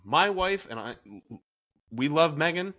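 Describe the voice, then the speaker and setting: A man hosting a casual podcast, his voice bright and forceful and sitting a little high for a man. He talks in lively swings, telling stories with animation and slipping into the voices of the people he quotes. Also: unhurried. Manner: animated storytelling, acting out quoted lines. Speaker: podcast host.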